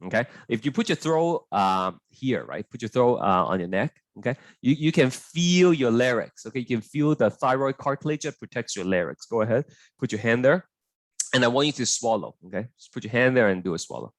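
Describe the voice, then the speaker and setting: A man's voice: mid-range voice, expressive, a little fast, no echo. A young man teaching an online biology tutorial in a chatty, hesitant way, full of fillers and "right?" checks with his students.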